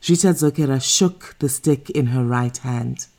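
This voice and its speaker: Woman reading a story out loud, really low and mellow, calm. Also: measured pace. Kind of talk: scripted first-person narration.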